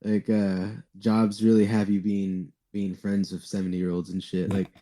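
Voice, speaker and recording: A man with a fairly low, mellow voice who talks in casual podcast chat. He stops and restarts often, padding his speech with fillers. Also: flat delivery. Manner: halting, with many fillers. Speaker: podcast co-host.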